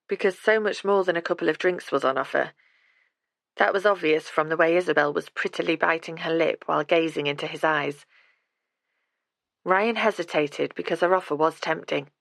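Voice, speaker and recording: Low-voiced woman reading an audiobook. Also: vocal fry, no room sound. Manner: steady, measured reading. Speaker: audiobook narrator. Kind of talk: scripted audiobook narration.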